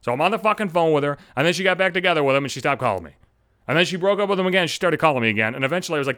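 A man's voice: on the high side, lively intonation, rapid-fire, a bit bright, no echo, studio quality. A man in his thirties hosting a solo podcast, ranting bitterly and swearing constantly in a sardonic way. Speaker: podcast host. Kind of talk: profane solo podcast rant.

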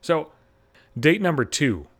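This stand-up comic, a man in his thirties from the Buffalo area, has a fairly high, slightly rough voice and takes his time. He tells a long, heavily profane story at his own expense, performing each person's lines with animation.

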